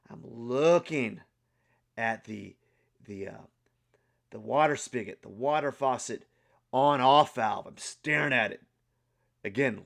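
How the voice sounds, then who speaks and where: A young man chats straight to the camera in a casual vlog. His voice sits in an ordinary middle range, and he tells his story in an animated, rambling way. He restarts sentences often and leans on fillers. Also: mid-range voice, vocal fry. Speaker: art channel vlogger.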